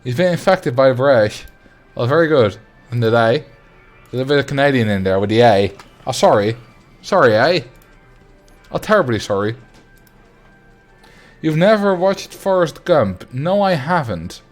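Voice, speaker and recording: A man's voice: medium pitch, lively intonation, moderate pace, faint music behind. A young adult man streaming a game, chatting casually and rambling as he answers his viewers. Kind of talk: casual livestream chat while playing.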